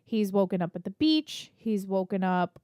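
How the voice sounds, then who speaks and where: A woman's voice: medium pitch, expressive, normal speed, warm tone, clean tone, dry recording, studio quality. A woman co-hosting a podcast, walking through scenes in order in casual chat. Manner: explains scenes in order, quotes characters. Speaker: podcast co-host. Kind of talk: casual chat recapping a TV episode.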